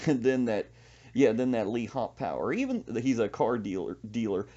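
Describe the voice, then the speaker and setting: A man's voice: lowish voice, very animated, moderate pace, mellow, dull audio. A man from Central Texas, hosting a podcast and telling comic stories with laughs and quoted voices. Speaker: podcast host. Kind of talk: comic casual chat.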